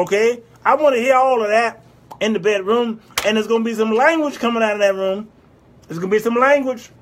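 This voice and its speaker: A man hosts a casual live-stream advice show, reading viewer comments and answering them. His voice sits high and sounds breathy and husky. He talks in an animated, teasing way and suddenly gets loud. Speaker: talk show host.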